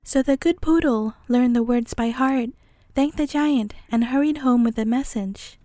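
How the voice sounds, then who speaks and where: Calm woman reading a bedtime story. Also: on the high side, unhurried, no room sound.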